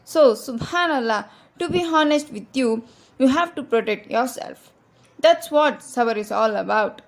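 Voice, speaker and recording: A woman's voice: fairly high pitch, expressive, a little slow. A woman giving a religious advice talk, earnest and direct, repeating her key points to her listeners. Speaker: Islamic speaker.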